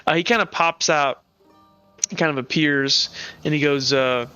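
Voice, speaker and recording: Male game master, bright and slightly high, loose rambling narration, lo-fi stream audio. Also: steady tone, normal speed, clean tone, soft background music. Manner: rambling, many fillers and restarts, laughs often.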